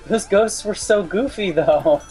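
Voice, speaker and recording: A young man co-commenting on a game over a voice call, chatty and quick to laugh, explaining his ideas at length. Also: high-pitched, dark tone, soft background music. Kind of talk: casual gaming commentary.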